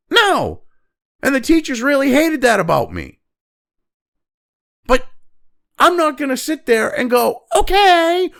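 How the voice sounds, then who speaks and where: A man in his fifties delivers a profane, mocking opinion rant as the host of his own show. His voice sits high for a man and leaps around with lively swings in pitch. A gravelly fry runs through it as he sneers and swears. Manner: angry, mocking, heavy swearing. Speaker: political commentary host.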